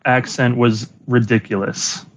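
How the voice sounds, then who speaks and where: A man's voice: mid-range voice, little pitch movement, a little slow. A man co-hosting a casual chat, eagerly retelling scenes with lots of stammered restarts. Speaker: podcast co-host.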